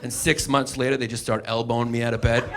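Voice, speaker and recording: A middle-aged man from the United States doing a live stand-up set, ranting brashly and profanely with loud mocking impressions, on a comedy stage with a handheld mic. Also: medium pitch, level tone, fast talker. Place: comedy stage before a laughing audience. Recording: noisy live club recording.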